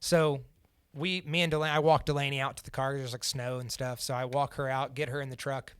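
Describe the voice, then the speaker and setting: A man's voice: medium pitch, flat delivery, a little fast, clean tone, no room sound. A young man from Central Indiana, a podcast guest casually telling a personal story, swearing freely and acting out what others said. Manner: casual and profane, acts out the quoted lines.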